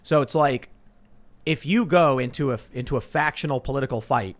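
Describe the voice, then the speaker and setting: A man hosting a podcast, telling stories in a casual panel chat, animated, with frequent restarts. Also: medium pitch, brisk. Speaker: podcast host.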